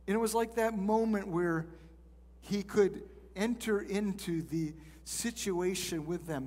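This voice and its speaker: A man's voice: sits high, normal speed, a little mellow, long reverb tail. A male pastor teaching a sermon in a conversational way, reading scripture and acting out the people in it.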